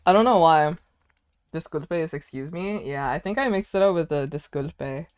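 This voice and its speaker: A woman's voice: sits low, moderate pace, a little mellow, no room sound, studio quality. A woman streaming casually as she works through a language lesson, chatting playfully and sounding out foreign words aloud. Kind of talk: casual livestream chat during a language lesson.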